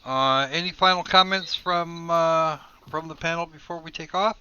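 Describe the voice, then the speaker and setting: A man hosting a casual panel chat, talking loosely with halting fillers. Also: fairly high pitch, steady tone, pushed and bright, smooth, no room sound. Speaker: podcast host. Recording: dull lo-fi mic with faint hiss.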